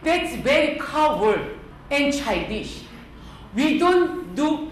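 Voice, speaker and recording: A woman's voice: high-pitched, very animated, slow. A middle-aged woman from Korea with a Korean accent, lecturing a class on work attitude in an emphatic, scolding way and quizzing her listeners. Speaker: workplace culture teacher. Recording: very echoey hall with faint noise.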